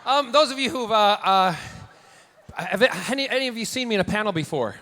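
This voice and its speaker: A man in his forties, a celebrity guest at a convention panel, telling bawdy, campy anecdotes to the crowd with energetic restarts and playful jokes. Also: high-pitched, brisk. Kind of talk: live convention Q&A storytelling. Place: large convention hall panel room. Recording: echoey hall with faint noise.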